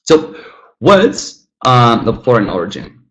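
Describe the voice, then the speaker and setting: A male English teacher leads an online class in a relaxed, chatty way. His voice sits at an ordinary middle pitch. He often addresses the students as "guys" and says example words slowly to model stress. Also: low-quality recording.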